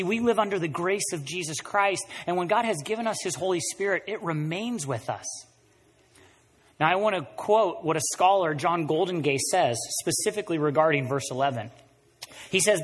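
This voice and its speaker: A man delivers a sermon from the pulpit, his voice pitched a little high and husky. He preaches with animation, dropping low and then rising loud. A long reverb from the large church surrounds every word. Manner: animated preaching, swings between quiet and loud. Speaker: pastor.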